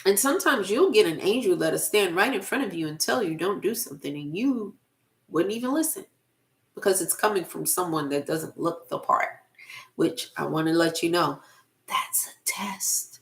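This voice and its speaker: A middle-aged woman, a motivational speaker and spiritual life coach, giving a casual spiritual talk to camera, slow and emphatic, repeating phrases for effect. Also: lowish voice, animated, creaky.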